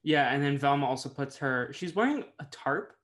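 A man's voice: medium pitch, expressive, moderate pace, fairly bright tone. Rambling, self-correcting podcast man. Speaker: podcast co-host. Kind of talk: casual chat.

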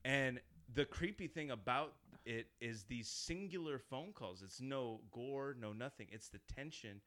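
Animated man retelling a film. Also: medium pitch, a little slow. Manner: animated storyteller, acts out quotes, swears often. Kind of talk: casual chat, retelling a horror film.

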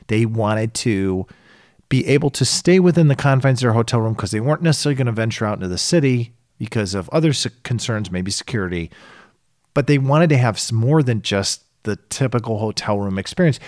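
Guy chatting casually on a podcast, lively, acts out voices, dry mic. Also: mid-range voice, no room sound. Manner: animated, acts out quoted voices. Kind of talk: casual chat.

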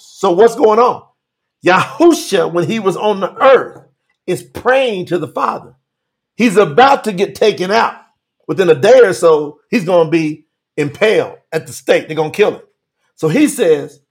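A man preaching on a live stream, animated, calling out to viewers by name and reading scripture slowly for emphasis. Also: sits high. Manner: Southern-style 'y'all' address, drawn-out emphatic reading. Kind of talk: livestream sermon reading scripture.

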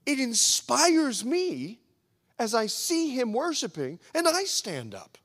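Male pastor, animated storyteller, high and lively pitch, reverberant hall sound. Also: takes it slowly. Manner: animated storytelling preacher, acts out quotes. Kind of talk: sermon. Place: church hall at a men's breakfast.

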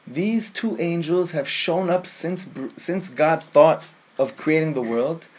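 A man giving an impassioned Torah sermon, teaching rabbinic texts and quoting them aloud, with a husky voice. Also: fairly high pitch. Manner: impassioned, mixes Hebrew phrases, acts out angel voices.

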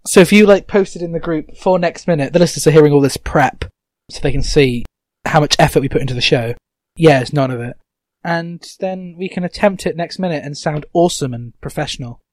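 A young man hosts a podcast in loose, joking chat, laughing between lines. His voice sits a touch high for a man. The sound is close and dry, with no room echo. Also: fairly quick. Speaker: podcast host. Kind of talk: casual chat.

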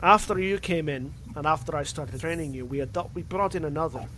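A man's voice: fairly high pitch, brisk, fairly bright tone, a little hiss or hum, close to an everyday voice, poor audio. A man voicing a stern male dwarf blood hunter with a Scottish accent that slips toward Russian. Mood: grim. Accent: Scottish drifting into Russian.

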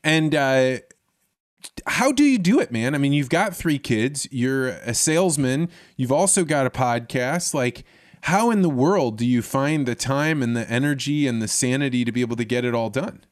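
A man's voice: medium pitch, moderate pace, no echo. A man with a mid-range voice hosts a podcast interview and asks curious, admiring questions. The sound is dry and close. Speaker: podcast host. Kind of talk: casual interview.

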